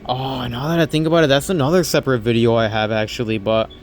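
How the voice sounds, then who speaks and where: A man's voice: mid-range voice, steady tone, quick pace, a little hiss or hum. A young man casually telling a story to camera, rambling, restarting sentences and quoting what others said. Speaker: vlogger and overnight convenience store clerk.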